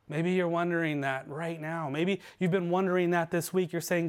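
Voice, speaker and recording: A pastor delivers an earnest sermon in a notably high voice for a man. He presses his points and then lets his voice fall low and quiet to drive them home. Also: level tone, normal speed, hardly any pauses, smooth. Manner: earnest preaching, voice dropping low and soft for emphasis. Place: church livestream.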